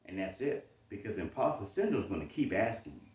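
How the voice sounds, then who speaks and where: A man coaching on self-improvement in a monologue, animated, sometimes mocking his own doubts in a higher voice. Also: brisk, few pauses. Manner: animated, acts out inner doubting voice in high mocking tones. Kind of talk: explanatory monologue. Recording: dull roomy sound from mic at a distance.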